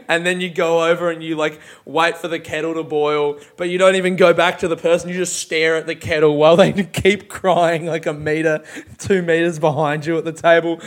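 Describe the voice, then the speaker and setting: A young man casually breaking down song lyrics, swearing freely and laughing often as he talks. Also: high voice. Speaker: music reviewer.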